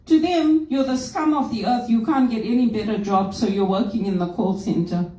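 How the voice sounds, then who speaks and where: A woman's voice: on the high side, normal speed, mellow. Outspoken Zimbabwean woman in a roomy hall. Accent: Zimbabwean, often heard as British. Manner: outspoken, emphatic, rhetorical questions. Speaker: HR professional. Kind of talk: personal talk to a group. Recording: roomy, distant mic.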